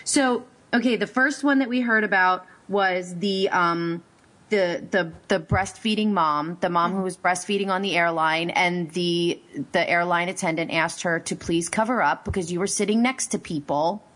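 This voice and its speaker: A woman hosting a casual talk show, opinionated and lively, her voice going high when she gets excited. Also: normal speed. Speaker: podcast host. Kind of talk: casual chat.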